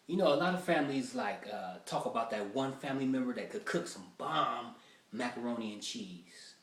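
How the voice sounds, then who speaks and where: Casting: male comic, mid-pitched, rough-draft stand-up, heard off-mic in an echoey room. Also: animated, moderate pace, a bit bright, far from the mic. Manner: loose, rambling, acts out quoted voices. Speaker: stand-up comedian.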